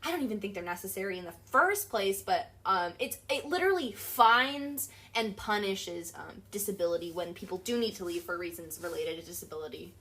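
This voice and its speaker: A woman's voice: mid-range voice, expressive, brisk, few pauses, bright, forceful tone. A young adult woman talking animatedly as an interview guest, emphatic and full of fillers. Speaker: guest, accessibility advocate. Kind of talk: casual interview talk.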